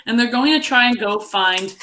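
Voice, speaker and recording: Expressive young woman teacher. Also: fairly high pitch, moderate pace, slight background noise. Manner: encouraging, expressive read-aloud. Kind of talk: online class reading lesson.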